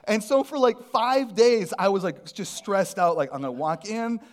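A man who is a pastor, preaching a sermon with personal storytelling, animated and self-deprecating. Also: high voice, fairly quick. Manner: animated, self-deprecating humor, frequent restarts.

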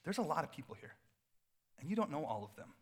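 Male pastor, middle-aged, a bit high-voiced, loose and playful delivery from the pulpit. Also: fast talker, breathy edge. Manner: casual, animated preaching with playful asides. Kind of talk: sermon.

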